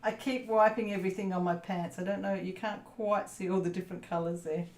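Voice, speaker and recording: Fairly quick and steady, this woman's medium-pitched voice has a slightly mellow warmth. She talks casually to viewers of her crafting livestream, muttering to herself while working, and the echoey room carries faint background noise.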